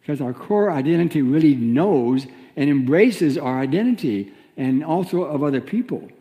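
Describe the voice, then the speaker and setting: A man giving a sermon as a minister, teaching in a gentle, reflective way with pauses. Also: fairly high pitch, lively intonation, big-room sound.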